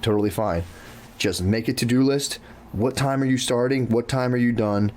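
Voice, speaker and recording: A man's voice: medium pitch, moderate pace, darkish tone, slight background noise. A man co-hosting a podcast in loose casual chat, swearing freely, saying "dude" often and acting out his own thoughts. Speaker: podcast co-host.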